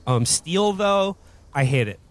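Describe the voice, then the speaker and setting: A man's voice: fairly high pitch, animated, slow pace. A man playing a tabletop game, rambling in a wry, mock-earnest way. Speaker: player.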